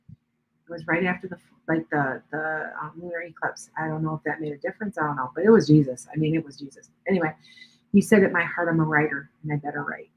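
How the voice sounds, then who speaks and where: A woman's voice: low voice, a little hiss or hum, poor audio. Chatty older woman rambling on a live stream. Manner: rambling, chatty, with many restarts and asides to viewers. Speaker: psychic reader and live stream host. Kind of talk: casual live stream chat.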